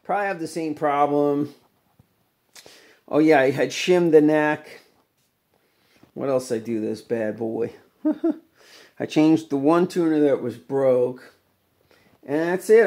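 A man's voice: fairly high pitch, takes it slowly, pauses often, mellow. Rambling man talking guitar repair. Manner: rambling, with many fillers and laughs. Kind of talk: casual workshop vlog.

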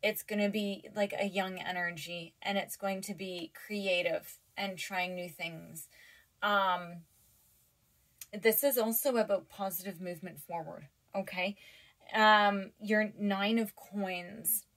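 A woman reads tarot cards for her viewers in a casual, chatty way, full of fillers and restarts. She is teary and emotional as she talks, her voice sitting at a middle pitch. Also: fairly even intonation, slow, a bit bright. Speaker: tarot reader.

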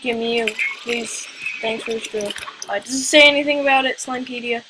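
A woman's voice: high voice, a little fast, noisy background. A woman giving casual let's-play commentary, rambling and questioning herself aloud as she plays. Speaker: gaming video creator.

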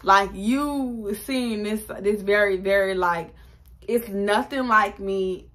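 A woman, chatting casually through a storytime and jumping up in pitch to act out quotes. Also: slow pace. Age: 20s. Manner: animated, chatty, acts out quotes with raised pitch. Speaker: vlogger.

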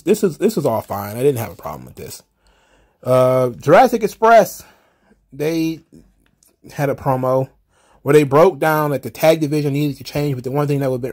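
A man's voice: on the high side, dark tone. A man hosting casual solo wrestling recap commentary, rambling and wry, often exasperated, with the odd swear.

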